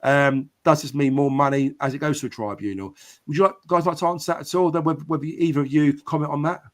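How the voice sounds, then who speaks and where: Reading viewer comments aloud and replying to them, a man keeps up casual, chatty talk on a live-streamed football podcast. He talks fast in a voice that's a little high.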